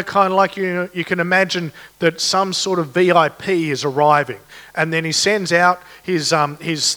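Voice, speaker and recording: A man delivers a sermon in a fairly high voice. His tone is conversational and earnest. He keeps posing rhetorical questions to his listeners. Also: fairly bright tone. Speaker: preacher.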